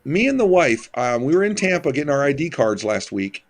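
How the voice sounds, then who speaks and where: Lively rambling male chat host. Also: medium pitch, fairly quick. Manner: rambling, enthusiastic, many restarts. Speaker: channel host. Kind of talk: casual group chat.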